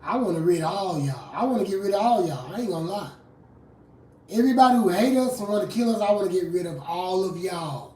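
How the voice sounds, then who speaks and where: A fiery street preacher in a confrontational live sermon. The voice drops low for scripture, then bursts out loud. It is recorded from well back from the mic, in a room with a strong echo. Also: animated, fairly quick. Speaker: street preacher and rap artist. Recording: roomy echo from a distant mic.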